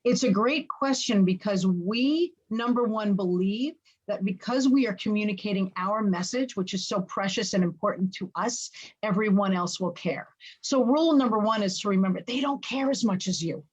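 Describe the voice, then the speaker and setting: A woman in her fifties, a business trainer guesting on a podcast, talking in a lively and dramatic storytelling way. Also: medium pitch, normal speed, husky, highs cut off. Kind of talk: casual interview talk.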